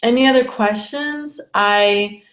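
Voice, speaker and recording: A woman's voice: on the high side, slow, a bit bright. A woman astrologer explaining a chart in a casual live-stream, talking loosely with many fillers and restarts. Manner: chatty, frequent fillers like "you know" and "like".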